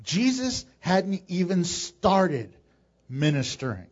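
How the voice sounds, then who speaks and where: A male pastor preaching a sermon in a church, animated and joking with laughing asides. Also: high-pitched, takes it slowly, lo-fi sound.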